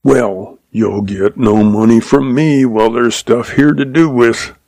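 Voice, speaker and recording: A man voicing a gruff, bullying older stepfather who roars his words out slowly and rudely. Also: medium pitch, a little mellow, dry recording. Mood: harsh bullying. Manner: roaring, slow and rude.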